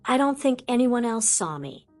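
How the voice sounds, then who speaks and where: A woman voicing an earnest, determined teenage witch girl who speaks quickly and sincerely. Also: on the high side, big pitch swings, a little mellow, faint music behind, voice pushed up. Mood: earnest, soft.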